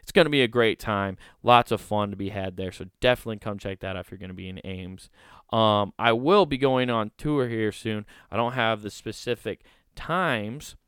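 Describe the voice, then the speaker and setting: Man, comedian podcast host, sarcastic, low voice, dry close sound. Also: moderate pace, fairly bright tone, clean tone, no echo. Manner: sarcastic, mocking, laughs often. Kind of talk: casual comedic commentary.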